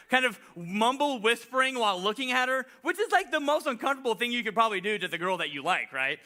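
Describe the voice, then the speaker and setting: Male pastor, casual sermon storytelling, self-deprecating, high bright tone. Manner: animated, self-deprecating storyteller, many "like" fillers.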